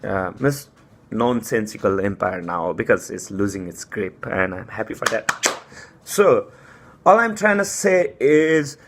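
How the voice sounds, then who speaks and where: A man's voice: fairly low pitch, expressive, measured pace, slight background noise. A young man with giving a heated, rambling political monologue. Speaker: political commentator.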